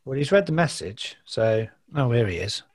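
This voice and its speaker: Male podcast host, brisk and drily mocking, lively rising and falling delivery. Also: medium pitch. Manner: brisk, organised, dryly mocking. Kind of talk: casual chat.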